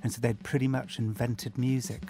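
A man's voice: medium pitch, flat delivery, normal speed. A man hosting a podcast, asking prodding, curious questions with a dry edge and reading short narration. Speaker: podcast host and interviewer. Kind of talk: interview questions and scripted narration.

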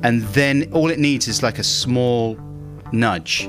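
A man's voice: medium pitch, slow, music in the background. A middle-aged man, a comedian, telling candid anecdotes in an interview and often laughing at himself. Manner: self-mocking, laughs through his stories. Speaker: comedian and broadcaster.

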